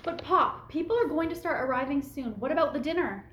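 A woman reading a brisk young daughter. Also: sits high, expressive, a bit bright. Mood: worried. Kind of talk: play read-through. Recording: echoey room.

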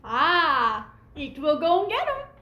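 A woman's voice: high-pitched, very animated, slow, pushed and bright, echoey room, slight background noise, pitched above the performer's own voice, exaggerated voice. A woman voicing a young woman in disguise who shrieks fake foreign gibberish. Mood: shrill.

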